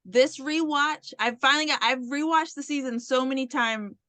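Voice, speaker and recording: A woman's voice: high-pitched, normal speed, pushed and bright, dry recording. A woman co-hosting a casual podcast chat, laughing often and retelling scenes with acted-out quotes. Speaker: podcast co-host.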